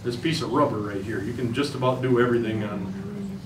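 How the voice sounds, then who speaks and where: With a medium-pitched, very animated voice, a man speaking briskly in an Upper Midwest accent gives hunters a plain, folksy, step-by-step turkey hunting demonstration outdoors. Background noise and faint ambience surround him, and his voice sounds distant in a roomy space.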